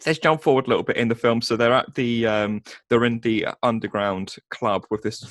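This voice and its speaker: A man's voice: medium pitch, fairly even intonation, a little fast, fairly bright tone, dry recording, clean studio sound. A man co-hosting a casual film review chat, hesitant with many ums and restarts, and sarcastic. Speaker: podcast co-host.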